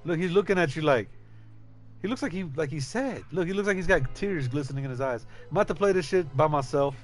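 Male streamer, casual rambling chat, swears freely, slightly raised pitch. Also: lively intonation, quick pace, faint music behind. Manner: loose and profane, rambling, jokey. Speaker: gaming streamer.

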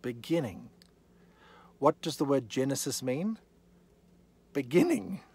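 A man's voice: mid-range voice, animated, moderate pace, a little mellow. A man teaching the Bible in an evening session, reading scripture aloud and stressing his points with rhetorical questions.

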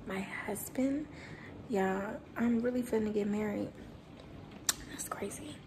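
A woman's voice: fairly high pitch, echoey room, a little hiss or hum. A young woman from Germany chatting bluntly to her viewers while she cooks at home. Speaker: vlogger. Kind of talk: casual vlog chat while cooking. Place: home kitchen.

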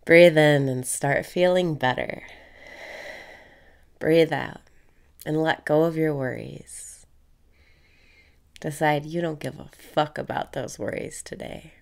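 A woman leading a guided meditation, calm and blunt, repeating breathing cues, swearing casually and sometimes dropping into breathy whispers. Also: low-pitched, slow pace, long pauses.

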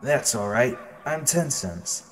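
A man's voice: medium pitch, animated, takes it slowly, long reverb tail, slight background noise, rough recording. A man voicing a friendly little male switcher tugboat, with music behind.

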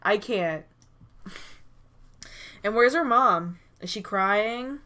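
Woman chatting thru her sim game at her desk mic, bright voice, gets all excited, takes her time. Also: medium pitch, extremely slow. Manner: chatty and excitable, frequent "oh my gosh" and small gasps. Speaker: gaming YouTuber. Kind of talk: casual gameplay commentary. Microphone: desk mic at a computer.

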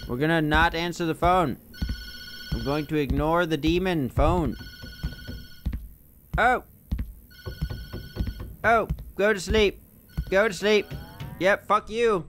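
A man commenting while he plays a horror game, swearing a lot and yelling when scared. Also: on the high side, a little slow, long pauses, over music. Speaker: YouTube gamer. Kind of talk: let's play commentary.

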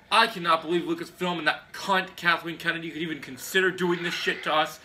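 A man hosting a vlog, giving an angry, profane rant with shouted outbursts. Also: fairly high pitch, steady tone, fairly quick, background noise. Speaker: vlogger.

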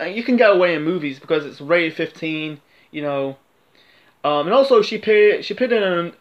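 A man with a slightly high voice and lo-fi sound rambles casually through a film review, loose and hesitant, with many fillers and restarts.

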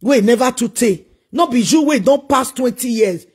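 A man's voice: very high-pitched, animated, normal speed, breathy edge. A man with a Nigerian accent delivering a preachy, scolding monologue full of repeated rhetorical questions. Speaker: social media commentator.

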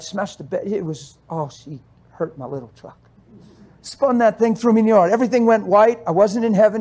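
A man preaching a sermon, telling stories with animated swings between loud exhortation and soft asides, often laughing as he goes. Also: high-pitched.

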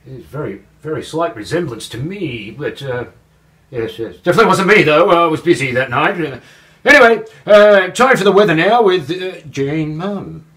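A man's voice: fairly high pitch, lively intonation, moderate pace, fairly bright tone. A young man playing a goofy male chicken news anchor in a homemade comedy skit, rambling and stumbling as he talks. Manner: rambling, stumbling, breaks into laughter. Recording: roomy echo.

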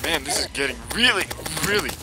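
Excitable young man narrating gameplay. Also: a little high, brisk, background noise. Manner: excitable, laughing, talks to enemies. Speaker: gameplay video host. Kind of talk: casual let's-play commentary. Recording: game music behind voice. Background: game music.

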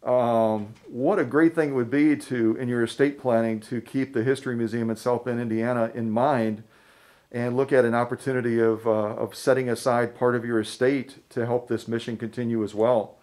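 A man's voice: medium pitch, fairly even intonation, normal speed, darkish tone. A middle-aged man hosting a fundraiser livestream, chatty and folksy, rambling through trivia in a casual way. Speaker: fundraiser host.

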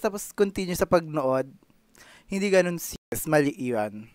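A man hosting a reaction video, giving campy, animated, teasing comedic commentary. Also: fairly high pitch, measured pace, no echo, studio quality.

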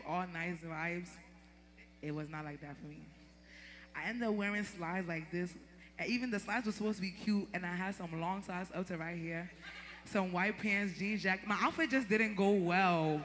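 A woman giving a lively, laughing testimony before a church congregation. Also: medium pitch. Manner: animated, laughing storyteller, turns emotional. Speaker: church member giving a tribute.

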